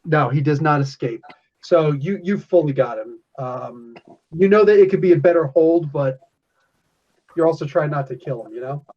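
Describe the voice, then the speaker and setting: A man's voice: fairly high pitch, normal speed. A man acting as game master, explaining the rules loosely and laughing often. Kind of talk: running a tabletop game. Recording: dull lo-fi sound.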